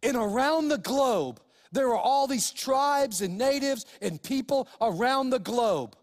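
A man preaching a sermon as pastor, passionate and animated, with dramatic emphasis and shifts between excited outbursts and hushed, solemn passages. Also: extremely high pitch, a little slow. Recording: long hall reverb.

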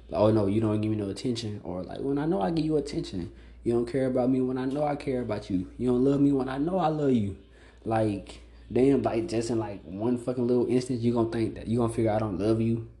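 A podcast host delivers a casual solo monologue, blunt and profane, stuffing "like" into every phrase. His voice is mid-range with a dark tone, and he talks fairly quickly.

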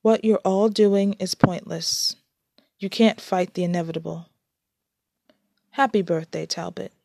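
A woman's voice: on the low side, steady tone, a little slow, vocal fry, mellow, dry recording. A woman voicing a smug, menacing young woman who makes cold threats, read in a storybook. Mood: threatening.

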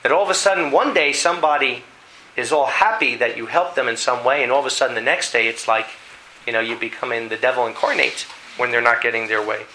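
A man preaching a sermon, telling a dramatic story in an animated way and reading scripture aloud. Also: medium pitch, quick pace, a little hiss or hum, rough recording. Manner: animated storytelling, acting out voices.

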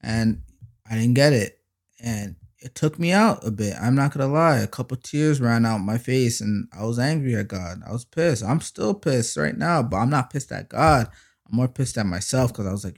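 A man hosts a faith podcast in a mid-pitched voice. He talks like a friend, full of slang and fillers, then rises into emphatic, drawn-out preaching whenever he gets to praise. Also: lively intonation. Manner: preachy and emphatic, swells louder on praise lines. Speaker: podcast host. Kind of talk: faith-based podcast monologue.

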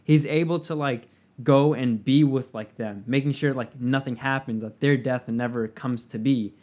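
Co-host, male, mid-pitched, loose rambling delivery full of fillers. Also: steady tone, moderate pace, highs cut off. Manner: rambling, profane, many fillers. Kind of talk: casual chat.

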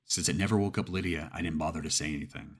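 A man narrating a scripted horror story in a steady storytelling manner, with some casual swearing. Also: a bass voice, fast, vocal fry, husky.

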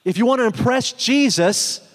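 A man preaching a sermon in a conversational, animated way, acting out the people he quotes. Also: extremely high pitch, normal speed. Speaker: pastor. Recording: long hall reverb.

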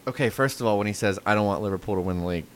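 A man's voice: lowish voice, racing. A man co-hosting a casual football fan podcast, swearing freely and telling stories with animation. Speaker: podcast co-host.

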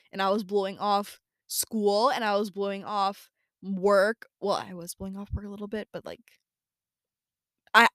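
A young podcast host with a mid-range voice records a casual audio journal in clean studio sound without room ambience. She meanders through her thoughts, talking to herself with plenty of "um" and "like."

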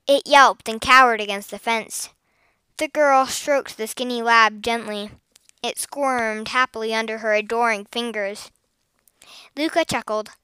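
Bright, crisp woman narrating a story. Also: a little high, no room sound, low-quality recording. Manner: expressive, lively storytelling. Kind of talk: children's story reading.

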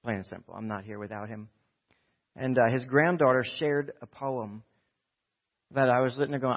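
A man's voice: mid-range voice, fairly even intonation, moderate pace, long pauses. A male pastor preaching a sermon in a church, exhorting and emphatic. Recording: dull lo-fi recording.

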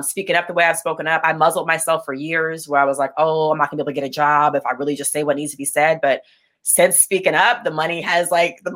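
A young woman who runs a business speaks in a lowish, pushed, bright voice during an interview. Impassioned and blunt, she talks candidly and keeps restarting, repeating words when beginning sentences.

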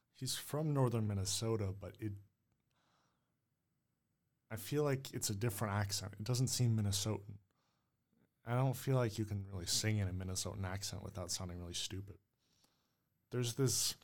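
Low-voiced man musing aloud as host. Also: darkish tone. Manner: musing, unsure, rambling with hedges. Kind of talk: casual solo monologue.

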